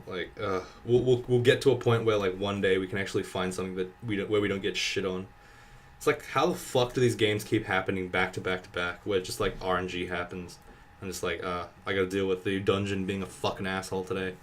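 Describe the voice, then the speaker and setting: A young man commentating his own gameplay, exasperated and swearing, thinking out loud, sweaty and dry-mouthed. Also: low voice, little pitch movement, fairly quick, a little hiss or hum. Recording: slightly distant mic with keyboard typing. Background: faint keyboard typing.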